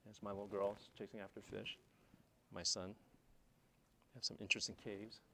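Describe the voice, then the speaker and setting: A man with a fairly low voice talks through his slides at a seminar. He tells his stories in a relaxed, chatty way and often restarts his sentences. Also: normal speed, a little hiss or hum. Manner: conversational, chatty, frequent restarts. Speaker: seminar presenter. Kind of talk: casual slide presentation storytelling.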